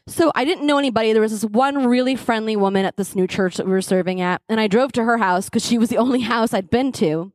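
A woman's voice: a little high, quick pace, few pauses, darkish tone, no echo. An American woman in her thirties telling a comic, self-deprecating story to an audience as a conference speaker. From United States. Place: live event stage.

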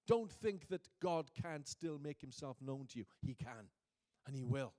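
A man preaching a sermon, moving from quiet reflection to booming emphasis and reading scripture slowly. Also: animated. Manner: reads scripture aloud slowly.

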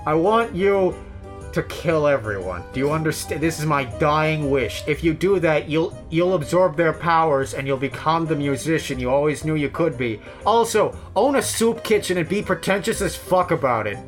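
A crude, blunt Italian father recorded on a tape, as a man puts him on. The voice is high and rough-edged in manner. Soft music sits behind. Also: lively intonation, normal speed, natural voice.

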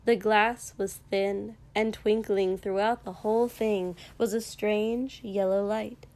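A woman reading a fan fiction story aloud in a soft, measured narration with occasional small slips. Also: medium pitch, steady tone.

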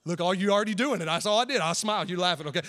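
A male pastor preaching a sermon, telling a story in an animated way, swinging from shouts to hushed asides. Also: sits high, racing. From Nashville, Tennessee. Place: church auditorium. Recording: long hall reverb.

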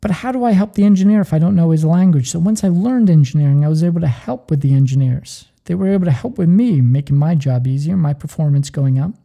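A man hosting a podcast, telling stories with earnest energy. His voice is dark and mellow, with a gravelly fry at the edges. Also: on the high side, animated, fast talker, hardly any pauses. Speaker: podcast host. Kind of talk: motivational podcast talk.

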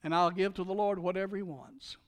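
High-voiced preacher in a reverberant hall. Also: male voice, steady tone, fairly quick. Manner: dynamic preaching, swings from shouts to hushed appeals. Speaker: pastor. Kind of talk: sermon.

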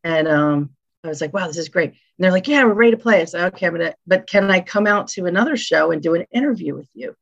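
A woman music executive, a guest on an interview show, telling animated stories and acting out what people said. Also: on the low side, fast talker, gravelly. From northeastern United States. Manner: animated storyteller, acts out quotes. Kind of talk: casual interview chat. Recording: dull lo-fi audio.

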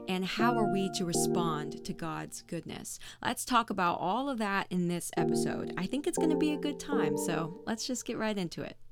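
Earnest woman hosting a teaching podcast. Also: mid-range voice. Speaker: podcast host.

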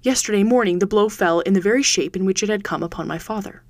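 A woman's voice: medium pitch, fast, dry recording, close to an everyday voice. A woman voicing a troubled young man who tells his tale earnestly and anxiously.

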